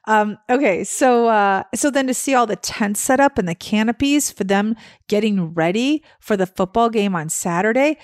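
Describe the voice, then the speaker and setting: Female co-host, mid-pitch, chatty and gushing, dry close mic. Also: moderate pace, few pauses, no room sound. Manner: chatty, gushing, lots of fillers. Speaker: podcast co-host. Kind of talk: casual travel chat.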